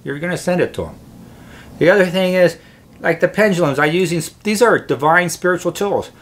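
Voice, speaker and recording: A man's voice: high-pitched, fairly quick, a bit bright. A man hosting his own show, giving an earnest, rambling spiritual monologue to camera with many restarts. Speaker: host.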